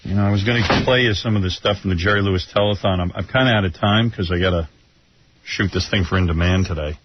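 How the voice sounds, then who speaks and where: A man's voice: low voice, fast, a little hiss or hum. A male radio host in crude, joking casual chat. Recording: muffled radio broadcast.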